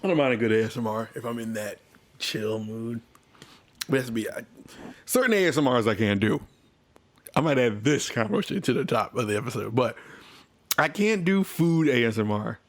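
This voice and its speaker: A man co-hosting a gaming podcast in casual chat, relaxed and quick to laugh. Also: medium pitch. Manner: laid-back, laughs easily. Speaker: podcast co-host.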